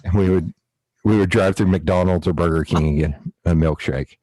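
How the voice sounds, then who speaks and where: A man hosting a podcast, telling family stories in a casual, animated way and laughing often. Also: low-pitched, moderate pace, no echo, poor audio. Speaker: podcast host. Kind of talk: casual storytelling chat.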